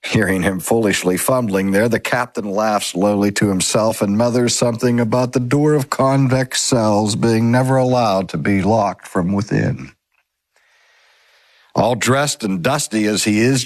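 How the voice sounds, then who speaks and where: A man reading aloud a sermon from a novel in a measured, dramatic way. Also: on the low side, no echo. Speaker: reader. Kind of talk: scripted narration of a sermon from a novel.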